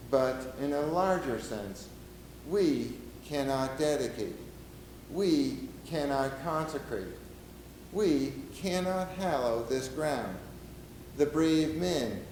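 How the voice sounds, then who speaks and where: An actor playing a solemn middle-aged nineteenth-century American president, speaking in a measured, oratorical way. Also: male voice, medium pitch, a little mellow, echoey room, a little hiss or hum, poor audio. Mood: solemn oration. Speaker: historical reenactor. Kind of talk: first-person historical portrayal.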